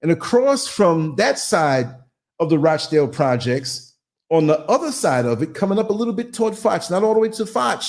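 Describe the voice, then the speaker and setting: Animated New man telling a story. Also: on the high side, normal speed. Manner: animated, theatrical, acts out voices and sounds. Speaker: podcast host. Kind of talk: live-stream storytelling.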